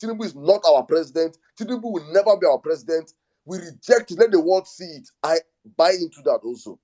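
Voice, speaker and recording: Mellow-voiced man hosting a live audio room. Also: on the high side, fairly quick. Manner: soothing, repeats calming phrases. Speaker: host. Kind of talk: live audio space discussion.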